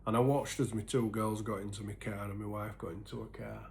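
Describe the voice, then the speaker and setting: A man telling his own story in an earnest, halting way, full of restarts, and sometimes sinking to a near-whisper. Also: on the low side, flat delivery, a little hiss or hum. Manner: sinks to a soft, breathy near-whisper at painful moments. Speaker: recovery vlogger. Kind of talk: personal confessional storytelling.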